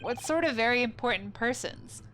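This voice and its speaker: A woman's voice: sits high, animated, fairly quick. A woman voicing an earnest, courteous young man who asks questions formally, in a recording with background noise. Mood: polite. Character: polite, earnest young male law student.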